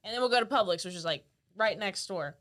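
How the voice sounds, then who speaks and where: Woman guest, mid-pitched, chatty and rambling, casual interview. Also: animated, fast talker, a bit bright. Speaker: podcast guest, bodybuilding competitor.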